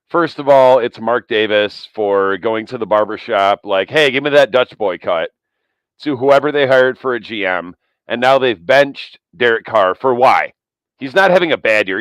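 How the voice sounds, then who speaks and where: A man's voice: mid-range voice, fairly bright tone, clear, resonant tone, no echo, lo-fi sound. A man co-hosting a sports podcast, making wry complaints in casual talk. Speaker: podcast co-host.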